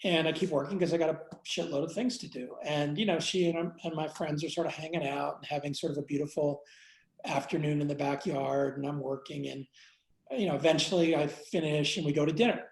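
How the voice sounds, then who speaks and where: A man recounts a personal story as an interview guest, reflective and unguarded, stopping and restarting his sentences. His voice has a gravelly fry and the room rings with noticeable echo. He swears casually and talks without polish. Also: on the high side, steady tone. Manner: reflective, halting, many fillers and restarts. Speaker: interview guest, entrepreneur and investor. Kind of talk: candid conversational storytelling.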